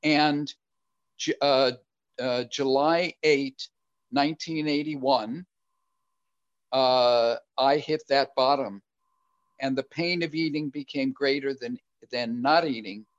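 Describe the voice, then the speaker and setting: An older man speaking earnestly and reflectively as a guest speaker, answering questions about his recovery in a halting way. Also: medium pitch, fairly even intonation, no room sound. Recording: dull lo-fi recording.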